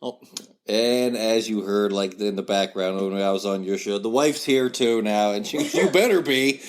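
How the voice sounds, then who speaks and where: Comedian guy hosting a podcast, kinda low voice, jokey and chatty, stumbles a bit. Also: normal speed, a little mellow. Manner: chatty, joking, stumbles over words. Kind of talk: casual podcast interview.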